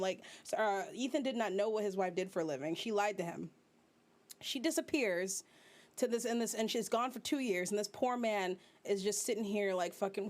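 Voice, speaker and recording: A young woman VTuber host giving casual, profane, animated commentary, exclaiming as she rants. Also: medium pitch.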